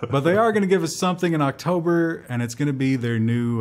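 A man's voice: a little high, fast, few pauses. A man co-hosting a tech news show in a casual, joking chat with sarcastic asides.

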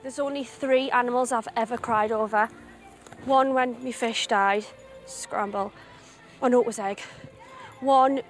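A young woman in her twenties with a Northeast English accent, gushing and squealing with excitement outdoors as she presents a travel show. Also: on the high side, unhurried, long pauses, faint music behind. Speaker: reality TV presenter. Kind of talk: excitable travel vlog chat.

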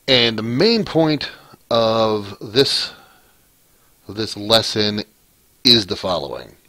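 A man's voice: on the low side, big pitch swings, drawn-out words, pauses often, pushed and bright, no room sound. A man hosting a casual screencast coding lesson, thinking aloud as he types, rambling and often correcting himself. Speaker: programming tutorial host.

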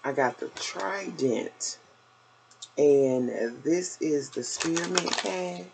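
An older woman talks her viewers through a shopping haul in slow, unhurried sentences, calling them y'all. Her voice is gravelly, and she sounds a little out of breath. A steady hiss of noise sits under the recording. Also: sits low. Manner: chatty, down-home, addresses viewers as y'all. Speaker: vlogger. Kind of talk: casual haul video chat.

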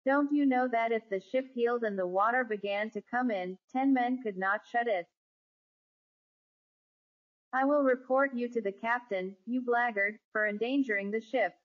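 A woman voicing an indignant gentleman passenger who scolds sternly. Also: fairly high pitch, moderate pace, lightly acted. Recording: dull lo-fi recording.

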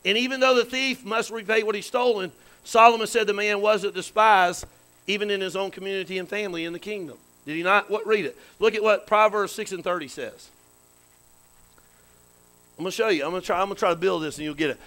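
A man's voice: high voice, fairly even intonation, fairly quick, sharp tone, rough recording. A man pastor preaching a folksy sermon, calling out to the congregation with frequent amens and questions. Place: church sanctuary.

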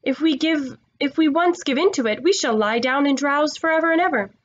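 A woman's voice: sits high, fairly quick, muffled recording, voice pushed up, close to an everyday voice. A woman voicing a sensible, cautious young schoolgirl who talks in an earnest, worried way.

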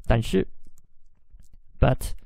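Male podcast teacher, unhurried, patient explainer, dark mellow tone. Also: dry recording. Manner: explains words slowly, mixing in example phrases. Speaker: Chinese language teacher. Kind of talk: podcast language lesson; reading a diary aloud.

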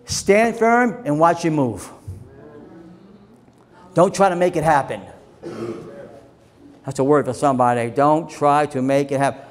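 A man with a high-pitched voice preaching a sermon with fire. He moves from quiet, low asides up to shouted exhortations and leads the crowd in call and response. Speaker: pastor.

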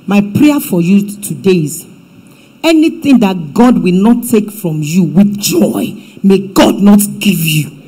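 Nigerian woman preacher, church sermon, emphatic delivery with hushed asides. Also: medium pitch, animated, slow pace, breathy edge, low-quality recording. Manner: emphatic preaching, swings from loud to hushed, mixes in Yoruba phrases. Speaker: pastor.

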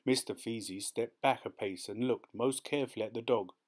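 A man narrating a short story as an audiobook in a steady, measured way. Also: mid-range voice.

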